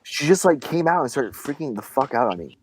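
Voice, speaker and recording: A man's voice: mid-range voice, big pitch swings, brisk, noisy background. A young man chatting on a podcast, swearing freely and rambling through a story. Nearly every phrase has a "like" or "man" in it. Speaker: podcast co-host telling a story. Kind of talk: casual profane chat.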